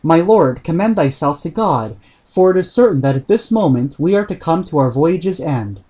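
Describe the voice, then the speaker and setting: A man's voice: on the high side, lively intonation, normal speed, dark tone, close to an everyday voice. A man voicing fearful medieval sailors in an audiobook reading, with grave archaic warnings.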